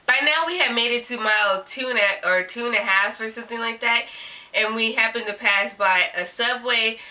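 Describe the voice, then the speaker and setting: A woman vlogger recounting a story in casual, animated chat, filling her sentences with "like". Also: a little high, moderate pace. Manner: rambling and animated, constant "like" fillers. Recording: voice a little distant from the mic.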